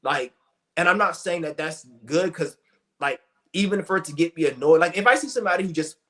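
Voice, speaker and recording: A man's voice: on the high side, expressive, a little fast, fairly bright tone. Blunt profane man ranting. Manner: blunt, profane, rambling with many restarts and fillers. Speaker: streamer. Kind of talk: ranting monologue.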